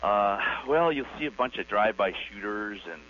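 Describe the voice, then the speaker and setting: A man's voice: fairly low pitch, lively intonation, moderate pace. A man from Los Angeles calling in to a radio show, chatting in a rambling, friendly way. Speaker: caller. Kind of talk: phone-in chat on a radio show. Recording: muffled phone line with hum.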